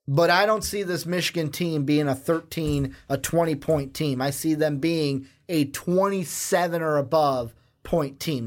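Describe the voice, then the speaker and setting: A young man co-hosting a sports podcast in casual chat, quizzing his partner with rambling asides. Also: a little high. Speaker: podcast co-host.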